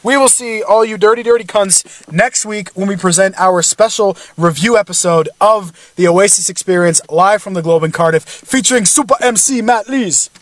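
A man's voice: sits high, fairly even intonation, moderate pace, few pauses, dry recording. A young man hosting a crude, joking podcast, bantering and mocking himself. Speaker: podcast host.

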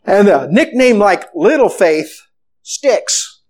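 Animated preaching man, high lively voice. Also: normal speed. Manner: animated storytelling, acting out the disciples' panic. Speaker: pastor. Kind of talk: sermon.

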